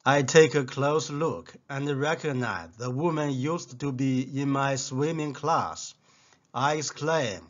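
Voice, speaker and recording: A man whose first language is Chinese, reading short jokes aloud in a deadpan way. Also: medium pitch, slow pace, lo-fi sound. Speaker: joke teller. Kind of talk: scripted joke telling.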